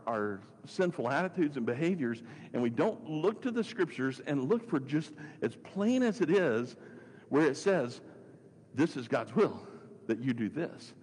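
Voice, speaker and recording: A man preaching with a slightly husky, breathy voice that carries a long reverb, as if in a large hall. He is earnest and asks many rhetorical questions. He often stops and restarts his phrases. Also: fairly high pitch. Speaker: pastor. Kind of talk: sermon podcast teaching.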